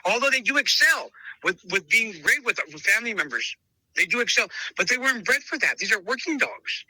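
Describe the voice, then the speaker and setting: A man's voice: very high voice, big pitch swings, brisk, bright, forceful tone, no echo, poor audio. A man who breeds dogs, telling stories in a casual interview and acting out both sides of past conversations, often calling the listener brother. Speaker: dog breeder.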